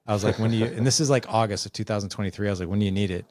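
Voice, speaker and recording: A man with a lowish voice talks rapid-fire as a podcast guest, recorded with no room sound. He tells a story casually and animatedly, acting out the quoted lines of the people in it.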